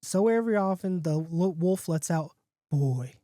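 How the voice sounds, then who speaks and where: A man with a mellow, warm voice reads his homemade spooky story aloud in a podcast, chatty and playful. He is recorded close on a dry mic with no room sound. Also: high voice, normal speed, no echo. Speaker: podcast host. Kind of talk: casually reading his own spooky story.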